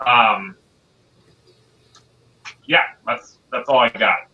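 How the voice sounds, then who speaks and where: A man's voice: mid-range voice, drawn-out words, slightly rough. A man co-hosting a podcast, chatting casually about movies with many fillers and hesitations. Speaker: podcast co-host. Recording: lo-fi dull recording.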